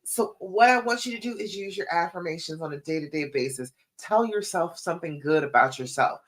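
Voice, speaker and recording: A woman's voice: on the low side, a little fast. Encouraging woman coach on a live stream. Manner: encouraging, repeats direct appeals to viewers. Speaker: relationship coach. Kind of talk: live-stream Q&A and pep talk.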